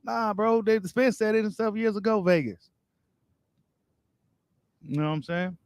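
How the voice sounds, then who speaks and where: High-voiced man chatting on a boxing live stream. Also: unhurried, clear, resonant tone, no room sound. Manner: casual, slangy, talks straight to viewers. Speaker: boxing channel host. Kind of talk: live-stream chat reading viewer comments.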